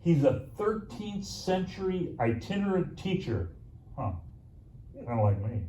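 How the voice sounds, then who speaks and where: A man preaching through a story at an unhurried pace, with dramatic pauses and playful asides. His voice is mellow and swoops up and down lively. The sound is roomy and distant, with a faint hum of ambience behind. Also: a little high. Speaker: pastor. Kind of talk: sermon storytelling. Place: church sanctuary. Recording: echoey church room, mic from afar, faint ambience.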